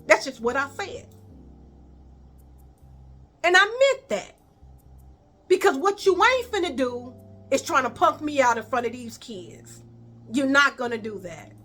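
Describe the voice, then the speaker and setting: High bright Chicago woman telling a story. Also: a little slow, pauses often. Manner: animated, profane, addresses viewers as y'all. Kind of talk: storytime vlog.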